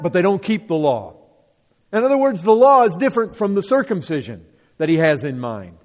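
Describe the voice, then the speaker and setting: Guy preaching thru bible verses, high voice, real up and down, lots of repeating and questions, big hall echo. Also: sing-song, brisk. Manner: emphatic, fond of rhetorical questions and repetition. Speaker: Bible teacher. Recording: long hall reverb.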